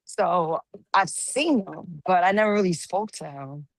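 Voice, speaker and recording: A slightly hoarse woman chatting casually as a call-in panelist, teasing playfully as she tells stories. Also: on the low side, measured pace, no echo. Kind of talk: casual chat.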